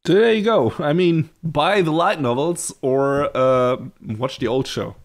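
A man co-hosting a podcast in casual chat, relaxed and hedging, laughing easily. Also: medium pitch, slow pace. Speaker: podcast co-host.

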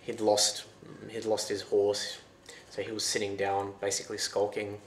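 A man retelling a folktale in a loose, lively, conversational way. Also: lowish voice, moderate pace. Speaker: storyteller. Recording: roomy echo.

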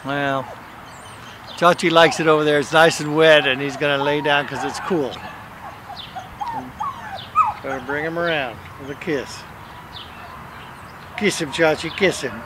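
A man's voice: on the high side, fairly even intonation, moderate pace, long pauses, background noise. A man filming his dogs and coaxing them in sing-song baby talk.

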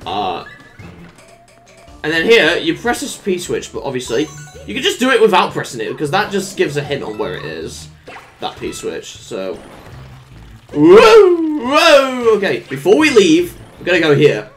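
A let's play commentator giving casual gameplay commentary, humming little made-up tunes, cooing at the game characters like pets and letting out sudden excited yelps and laughs. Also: mid-range voice, moderate pace, faint music behind. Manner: hums little made-up tunes while playing.

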